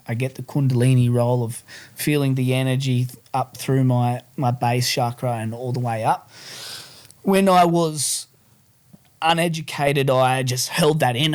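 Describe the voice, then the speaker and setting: Man, podcast co-host, rambling casual chat, swears, medium voice. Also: medium pitch. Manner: rambling, swears, many fillers.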